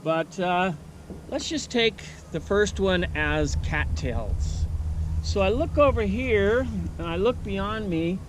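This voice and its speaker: A male nature educator giving an unhurried outdoor teaching demonstration, thinking aloud with many fillers. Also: high-pitched, expressive, noisy background. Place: outdoors at a wildlife refuge.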